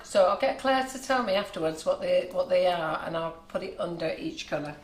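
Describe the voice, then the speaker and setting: A woman's voice: fairly low pitch, expressive, a little fast. A woman co-hosting a live cake decorating stream, reading out viewer comments and asking the decorator questions. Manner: chatty, reads out comments and asks questions. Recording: echoey kitchen.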